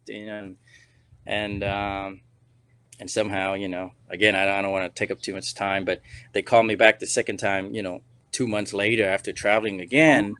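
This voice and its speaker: Middle-aged male actor, low-pitched, casual rambling interview storyteller. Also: little pitch movement, moderate pace, fairly bright tone, clean tone. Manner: rambling, many restarts and "you know"s. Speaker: actor and podcast guest.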